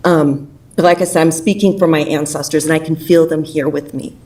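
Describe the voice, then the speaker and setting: Low-voiced woman, shaky and emotional, heartfelt plea at a public meeting, a bit off-mic. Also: fairly even intonation, fairly quick, darkish tone, recorded from a distance, poor audio. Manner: heartfelt, pleading. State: nervous and emotional. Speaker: public commenter. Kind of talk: unprepared public comment.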